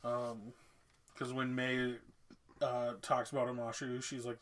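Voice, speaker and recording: Bright-voiced man, eager and chatty. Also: medium pitch, monotone, a little slow. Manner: eager, many fillers like "um" and "like". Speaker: podcast co-host. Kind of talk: casual chat.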